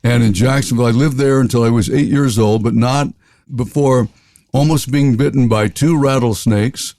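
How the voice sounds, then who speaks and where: Older Southern-raised radio veteran, interview guest, loves jokes and silly voices; dry close mic. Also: male voice, medium pitch, moderate pace, mellow, dry recording. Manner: jokey, playful voices, laughs often. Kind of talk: storytelling interview.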